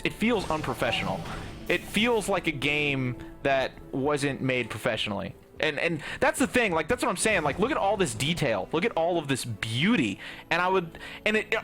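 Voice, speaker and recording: Bright-voiced ranting young man streamer. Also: on the high side. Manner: profane, ranting, bursts into shouting. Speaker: gaming livestreamer. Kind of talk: casual livestream rant.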